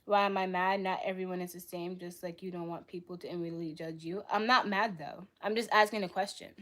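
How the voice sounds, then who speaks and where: Young woman, stream host, blunt and argumentative, answers chat with quick retorts. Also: on the low side, fairly even intonation, a bit bright. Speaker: livestream host. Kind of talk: live stream debate reading chat.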